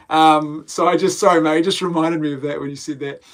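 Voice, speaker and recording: A man's voice: on the high side, steady tone, moderate pace, a bit bright. Chatty man hosting a live show. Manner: chatty, laughs often, rambling asides. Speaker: podcast host reading live chat. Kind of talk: casual live-stream chat.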